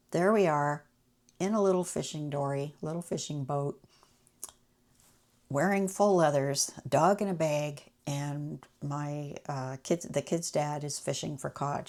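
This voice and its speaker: A woman's voice: deep voice, darkish tone. A woman telling personal travel stories in a chatty, anecdotal way. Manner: chatty, anecdotal, acts out quoted people. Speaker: channel host. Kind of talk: casual personal storytelling.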